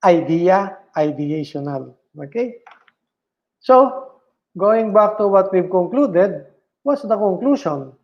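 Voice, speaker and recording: A man giving an online philosophy lecture, speaking deliberately, repeating key terms and checking in with "all right?". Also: high voice, expressive, lo-fi sound. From Philippines.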